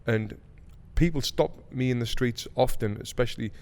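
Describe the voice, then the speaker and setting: A man's voice: mid-range voice, moderate pace, a little mellow, big-room sound. Sweary man telling a story. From England. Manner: swears freely, acts out quotes with heat. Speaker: podcast host. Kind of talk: casual storytelling chat.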